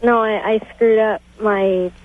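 An eighteen-year-old woman calling in to a radio show, hesitant and halting. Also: medium pitch, fairly even intonation. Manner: hesitant, halting, many fillers. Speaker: caller. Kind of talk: phone-in call. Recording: dull phone-line call.

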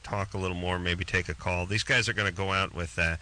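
A man's voice: sits low, fairly even intonation, brisk, sharp tone. A man hosting a late-night radio call-in show, talking in a wisecracking, sarcastic and crude way. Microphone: studio microphone.

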